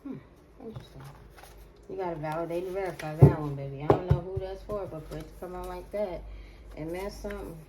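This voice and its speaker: A woman's voice: fairly low pitch, heavy background noise. A woman giving a casual, slangy tarot reading to her viewers, repeating phrases and drawing words out. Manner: slangy, drawn-out repetitions. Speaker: tarot reader.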